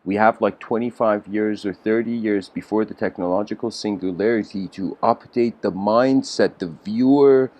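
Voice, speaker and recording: A man's voice: lowish voice, normal speed, hardly any pauses, a little mellow. A man giving a casual storytelling lecture, rambling with lots of fillers and self-corrections.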